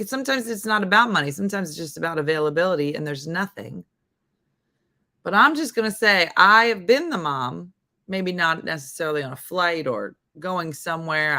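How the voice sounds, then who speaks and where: Middle-aged woman host, low voice with a bright edge, loose and chatty on a live stream. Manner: chatty, reacting to viewer comments. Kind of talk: casual live-stream chat.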